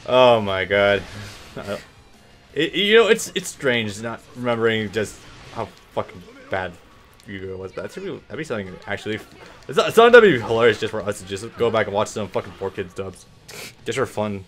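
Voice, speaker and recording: Laid-back swearing gamer, lowish voice. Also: male voice, very animated, normal speed, a bit bright, soft background music. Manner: laid-back, swears freely, trails off with ums. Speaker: let's play host. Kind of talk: casual gameplay commentary.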